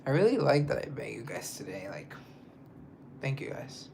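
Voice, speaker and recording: Chatting loosely on his stream, the young singer rambles over viewer comments and drifts into soft asides. His medium-pitched voice is very animated and creaky, delivered at a moderate pace with background noise present.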